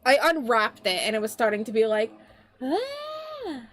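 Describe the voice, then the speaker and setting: A woman's voice: on the high side, quick pace, fairly bright tone. A young woman streamer chatting casually to her viewers, chatty and a little scattered, with many fillers and restarts. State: tearful and laughing. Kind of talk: casual livestream chat.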